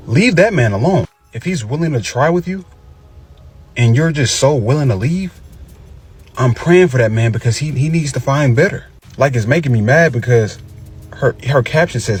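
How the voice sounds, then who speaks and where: A man rants in disbelief in a response clip, swearing and exasperated. His voice is husky, with faint music under it. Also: mid-range voice, lively intonation, normal speed. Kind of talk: response video.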